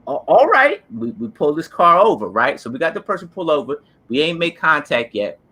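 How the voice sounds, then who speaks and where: Bright-voiced New man, earnest storyteller. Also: on the high side, big pitch swings, a little fast, gravelly, husky. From New Jersey. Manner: earnest, emphatic, street-casual storytelling. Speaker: co-host, former police officer. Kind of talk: casual storytelling chat.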